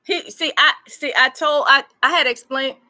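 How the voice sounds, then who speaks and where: A woman's voice: high-pitched, moderate pace, pushed and bright. A woman hosting a casual live stream from home into a laptop, talking bluntly and with some profanity, teasing and chatty.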